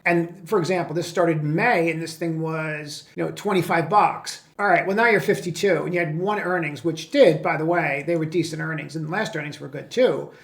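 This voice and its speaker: A man's voice: on the high side, creaky. A man with a slightly raised voice talks through stock charts as a trading coach. His delivery is brash and blunt, casual and full of restarts as he explains his reasoning. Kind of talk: screen-share market commentary.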